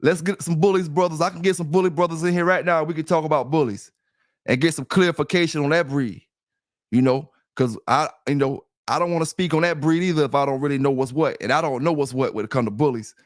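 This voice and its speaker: A man's voice: a little high, fast talker, dry recording, clean studio sound. A middle-aged man hosting a livestream in casual chat, rambling and repeating himself as he talks straight to his listeners. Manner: rambling and repetitive, addressing listeners directly. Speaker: livestream host.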